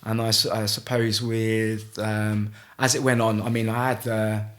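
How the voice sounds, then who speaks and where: Low-voiced man telling a story. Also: little pitch movement, fairly bright tone. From Gloucester, England. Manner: halting, frequent restarts, vivid retelling. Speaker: guest, ice swimmer. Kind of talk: casual storytelling in a podcast interview.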